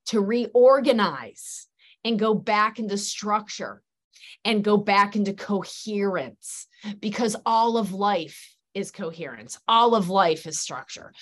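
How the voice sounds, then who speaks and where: A woman's voice: medium pitch, a bit bright. A middle-aged woman, a guest practitioner in an interview, speaking earnestly in long, flowing, emphatic sentences. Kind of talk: conversational interview.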